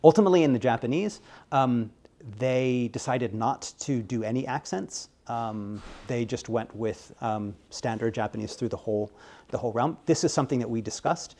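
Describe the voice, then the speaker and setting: An American game localization director answers interview questions in an animated, rambling way, leaning heavily on fillers. He speaks at medium pitch and a normal speed.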